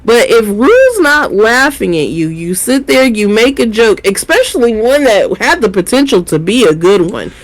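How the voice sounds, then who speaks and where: A man co-hosting a casual review show, animated and explaining his points with repetition. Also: high-pitched, moderate pace, few pauses, rough recording. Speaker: podcast co-host.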